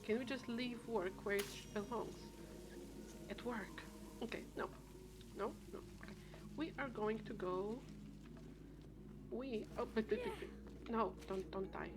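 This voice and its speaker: A fairly high-pitched woman speaks a bit slowly, pausing often, as she streams a game. Her casual gameplay chat is full of restarts and drifting thoughts, and steady noise hums in the background.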